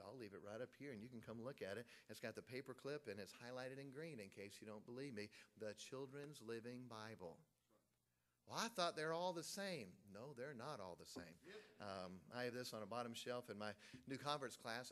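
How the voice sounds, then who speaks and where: Male preacher, mid-pitched, chatty sermon style, rhetorical questions, asks the room to answer back. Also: a bit bright. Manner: conversational preaching with congregation call-and-response; fillers and emphatic rhetorical questions. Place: church.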